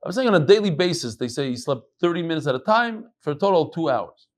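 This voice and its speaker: A middle-aged rabbi with a fairly high voice gives an animated daily Talmud class. He reads the text and then drops into casual, chatty asides. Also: fast. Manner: animated, jumps between quoting Aramaic and chatty English.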